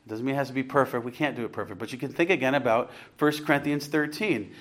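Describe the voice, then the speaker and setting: A man's voice: medium pitch, quick pace, hardly any pauses, a bit bright. A man preaching an earnest, conversational sermon, rising to emphatic points and putting questions to his congregation. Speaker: pastor.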